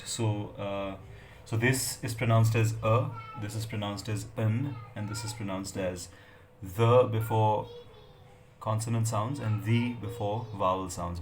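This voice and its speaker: A man's voice: on the low side, slight background noise. A middle-aged man, giving a lecture on academic writing with many fillers and checks of "right?". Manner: hesitant, many fillers and tag questions. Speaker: English lecturer.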